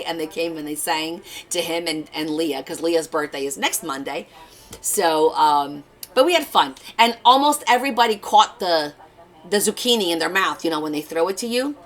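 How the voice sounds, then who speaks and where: A woman's voice: on the low side, normal speed, low-quality recording. A woman hosting a craft livestream, chatting casually and telling stories while she works. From Portuguese family. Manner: chatty storytelling, reads viewer comments aloud.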